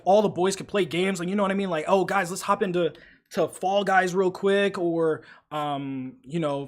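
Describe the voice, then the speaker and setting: A young man hosting a live stream, chatting casually, swearing freely and telling stories with animation while reading out chat. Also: on the high side. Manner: profane, animated storytelling, reads chat aloud. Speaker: livestream host.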